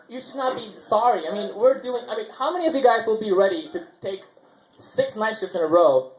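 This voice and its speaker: High-voiced man doing rambling stand-up. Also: a little mellow. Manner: rambling, self-correcting, chuckling at his own jokes. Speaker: stand-up comedian. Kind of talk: open mic stand-up. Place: small open mic venue. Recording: roomy live venue sound.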